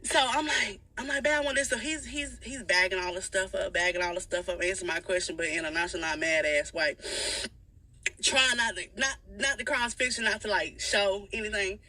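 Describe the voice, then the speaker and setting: A woman telling a crude personal story in a casual, profane, animated way, laughing often. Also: mid-range voice, brisk, far from the mic.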